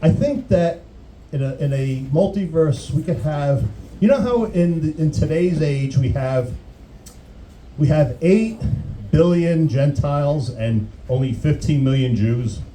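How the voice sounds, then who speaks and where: A man's voice: fairly high pitch, animated, a little slow, mellow, slight background noise, rough recording. A man doing a crude, rambling stand-up comedy routine, often restarting his sentences. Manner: rambling, crude, self-interrupting.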